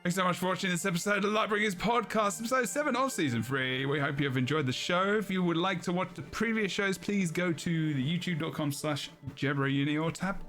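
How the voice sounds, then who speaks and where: A man's voice: sits high, a bit bright. A man hosting a gaming podcast in casual chat, rambling and joking between plugs. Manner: rambling, jokey, laughs often. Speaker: podcast host.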